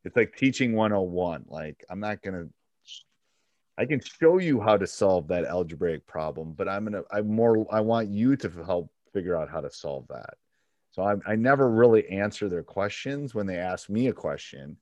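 A man with a fairly low voice talks a fellow coach through his advice in an easy, conversational way, often acting out both sides of a dialogue. The sound is dry and close, with no room around it. The call audio is dull and lo-fi. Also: animated, normal speed, a little mellow, no room sound. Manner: conversational, acts out back-and-forth dialogue. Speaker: basketball coach and podcast host.

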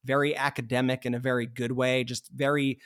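Fast-talking man podcast co-host. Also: mid-range voice, level tone, a bit bright. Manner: rapid, with frequent restarts and fillers. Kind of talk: casual conversational storytelling.

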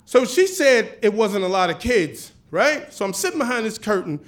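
A man telling a personal story on stage, animated and casual, acting out the dialogue. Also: sits high, moderate pace. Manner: animated, acts out dialogue with voices; casual, chatty with swearing.

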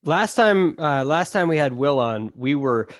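A man who is a golf analyst on a podcast, chatting in a relaxed, easygoing way. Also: on the high side, unhurried, dry recording, clean studio sound. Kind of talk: casual podcast chat.

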